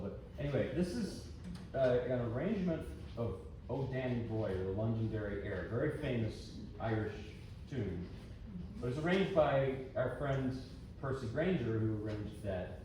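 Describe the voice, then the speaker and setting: Man, mid-pitch, a chatty self-deprecating pianist talking to his audience, caught from far off in a very echoey hall with background noise. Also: expressive, moderate pace, dark tone. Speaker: pianist giving a recital. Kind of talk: talking to a recital audience between pieces. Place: concert hall.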